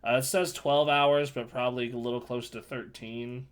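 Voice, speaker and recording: A man's voice: medium pitch, steady tone, moderate pace, smooth. A man co-hosting a casual gaming podcast, rambling and restarting his sentences with dry asides. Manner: rambling, self-interrupting, dry. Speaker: podcast co-host.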